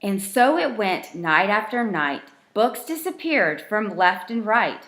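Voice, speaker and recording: A woman reading a rhyming bedtime storybook aloud with a gentle, rhythmic delivery. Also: medium pitch, big pitch swings, takes it slowly, slight background noise.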